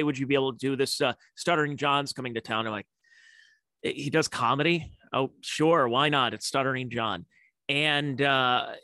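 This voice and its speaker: A man's voice: medium pitch, pushed and bright, no room sound. A man co-hosting a casual comedy podcast, telling chatty anecdotes and laughing often. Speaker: podcast co-host.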